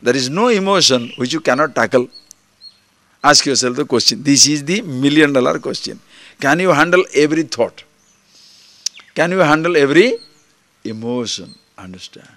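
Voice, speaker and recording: A man's voice: medium pitch, expressive, moderate pace, long pauses, fairly bright tone. A man giving a spiritual discourse, often checking in with the listeners through questions and acting out small dialogues. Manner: acts out little dialogues. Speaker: spiritual teacher.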